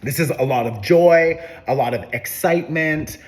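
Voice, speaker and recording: A man's voice: fairly high pitch, moderate pace. A man giving a casual, upbeat horoscope and tarot reading, talking loosely with plenty of fillers. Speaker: tarot reader.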